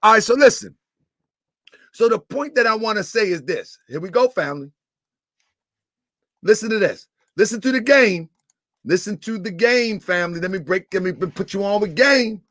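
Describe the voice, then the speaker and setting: Loud high-pitched man teasing on stream. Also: animated, moderate pace, long pauses, dry recording, clean studio sound. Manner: loud, laughing, teasing, repeats himself. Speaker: livestream host. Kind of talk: live stream commentary.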